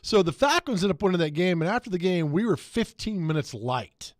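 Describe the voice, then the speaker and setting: A man hosting sports talk radio, telling animated anecdotes and laughing as he goes. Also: high voice, brisk, no echo, clean studio sound. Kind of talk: casual sports talk storytelling.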